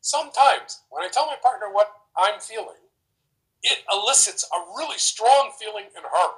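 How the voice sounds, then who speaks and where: Animated man giving relationship advice. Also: sits high, moderate pace, rough recording. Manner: animated, acts out example dialogues. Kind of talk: casual explanatory talk.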